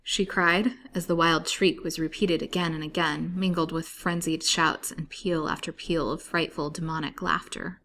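A woman reads a novel aloud as a storyteller, at a steady, measured pace. Her voice sits fairly low. Faint background noise runs behind her.

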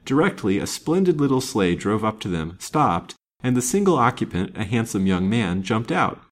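Low-voiced man reading a classic novel. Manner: steady, measured reading. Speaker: storyteller.

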